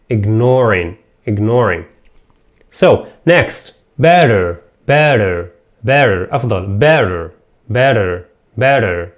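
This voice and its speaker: A man teaching English pronunciation, repeating each word and asking learners to say it back after him. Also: mid-range voice. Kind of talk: pronunciation drill lesson.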